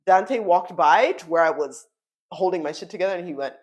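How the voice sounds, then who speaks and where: A woman in her thirties, a podcast co-host, chatting casually with lively, swearing, laughing storytelling. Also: on the low side, fairly quick. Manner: animated, swearing, laughs often, acts out quotes. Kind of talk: casual chat.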